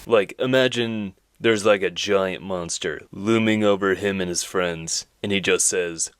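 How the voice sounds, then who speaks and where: A man's voice: low-pitched, measured pace, fairly bright tone, smooth, no echo, clean studio sound. A man in his twenties hosting an animation channel, giving joking, self-deprecating comedic commentary.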